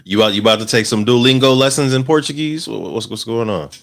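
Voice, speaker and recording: A man interviewing in a relaxed way, often dropping in short affirmations. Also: mid-range voice, fast. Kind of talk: casual interview.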